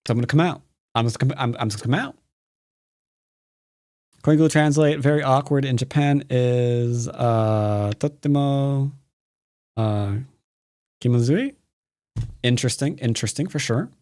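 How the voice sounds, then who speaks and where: A man's voice: medium pitch, normal speed, long pauses, mellow, no echo, studio quality. A man teaching Go on a live stream, talking casually and playfully, joking with his chat and rambling with fillers and restarts. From United States.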